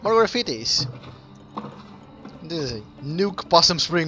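A man commenting on a game he plays, excitable, laughing often and breaking into squeals and shouts. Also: high-pitched, takes it slowly, pauses often, soft background music. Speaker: let's play host. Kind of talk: casual gameplay commentary.

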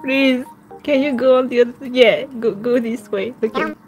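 A woman's voice: a little high, normal speed, darkish tone, muffled recording. A woman vlogging with her pet, giggly, coaxing and pleading with it in casual talk. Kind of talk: casual pet vlog narration.

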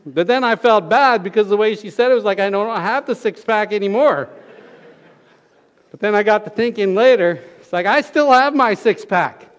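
Pastor guy preaching, folksy and excitable, high voice, big reverb from the church hall. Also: normal speed. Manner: folksy storytelling, gets loud and excited. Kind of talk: sermon. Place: church sanctuary.

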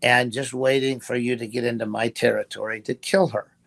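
A man's voice: mid-range voice, fairly even intonation, moderate pace, creaky, a bit bright. A man voicing an arrogant, taunting male demon spirit in a retold story. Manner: taunting, boastful.

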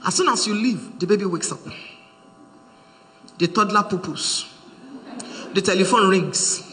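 A middle-aged woman preaching on marriage, animated and humorous, acting out the voices she quotes. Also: mid-range voice, measured pace. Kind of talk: sermon to a congregation. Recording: reverberant hall with faint hum.

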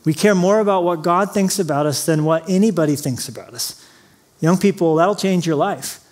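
High-voiced man preaching with jokes. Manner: humorous, storytelling preaching with acted-out quotes. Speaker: pastor. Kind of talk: sermon. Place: large church auditorium.

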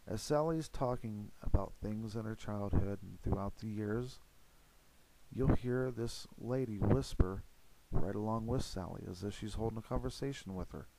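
A man narrating a paranormal investigation in an earnest, steady voice-over, with frequent fillers. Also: fairly low pitch, normal speed, gravelly, a little hiss or hum, low-quality recording.

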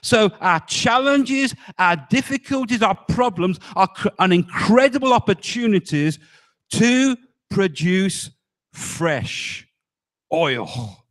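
A male pastor gives an animated, emphatic sermon at a slow pace with a fairly bright tone. He tends to go low on key words and keeps asking the congregation rhetorical questions.

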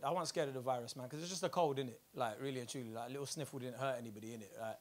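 A young man with a London accent doing a stand-up comedy set in a club, slangy and animated, swearing and laughing at his own jokes. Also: mid-range voice, rapid-fire, hardly any pauses.

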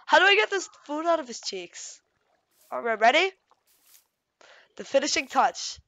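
A woman giving playful gameplay commentary on a game mod, excitable and gushing, baby-talking to her in-game pets. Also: high-pitched, normal speed, long pauses, no room sound. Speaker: YouTuber showing a game mod.

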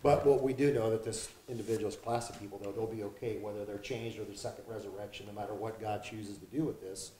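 Male host of a bible q&a, calm and measured, echoey room, slight hiss. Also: on the low side. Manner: measured, reads out viewer questions. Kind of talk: casual Bible study discussion.

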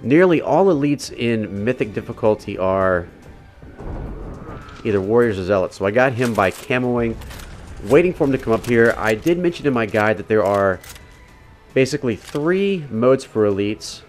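As the voice-over for a game walkthrough, a man explains every step in a relaxed, instructive way. His fairly low, darkish voice is animated and moves at a moderate pace, with faint music behind it.

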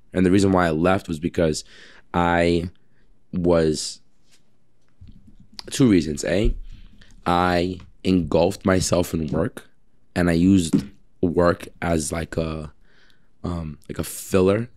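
Deep voiced guy chatting on a podcast, says like a lot, gets animated telling stories. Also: takes it slowly, pauses often. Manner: animated storyteller, many fillers. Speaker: guest personal trainer. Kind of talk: casual podcast chat.

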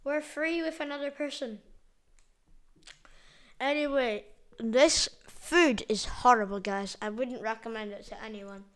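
Offering jokey, goofy commentary while she plays, a woman hosts a gameplay video and calls out to her audience in a playfully excitable way. Her voice sits on the high side, a little slow, with frequent pauses.

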